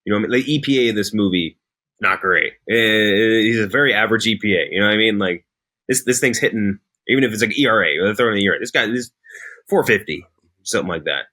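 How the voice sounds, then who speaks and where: A man co-hosting a casual movie review chat, jokey and animated, talking in quick bursts. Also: lowish voice. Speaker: podcast co-host.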